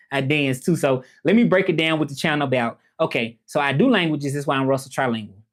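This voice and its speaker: A man's voice: fairly high pitch, brisk. A man with a Southern US accent chatting casually on a livestream, reading viewer comments and talking straight to the audience. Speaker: livestreamer and language teacher.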